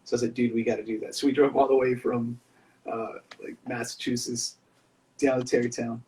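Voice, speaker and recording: A man's voice: mid-range voice, flat delivery, a little fast, dark tone, distant mic, low-quality recording. Rambling man talking a bit off-mic. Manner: rambling storyteller, lots of dude and man fillers. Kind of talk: casual chat.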